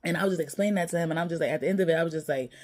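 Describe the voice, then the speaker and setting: Low-voiced mother telling a blunt story. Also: racing, darkish tone. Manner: emotional, blunt, swears casually. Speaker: mother and vlogger. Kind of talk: candid personal storytelling.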